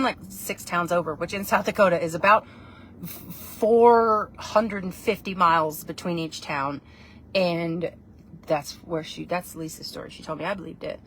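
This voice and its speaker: A woman's voice: deep voice, a little hiss or hum. A woman, chatting in a casual, rambling vlog, playful and self-mocking. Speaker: vlogger.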